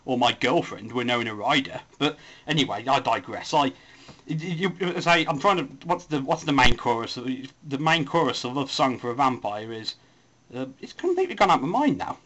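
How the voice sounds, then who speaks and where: A young man chats at an easy middle pitch, wandering from one tangent to the next. He mocks himself as he goes, in a loose, casual spoken post. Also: sing-song, moderate pace, fairly bright tone. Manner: rambling, self-mocking, puts on silly voices. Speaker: forum voice poster.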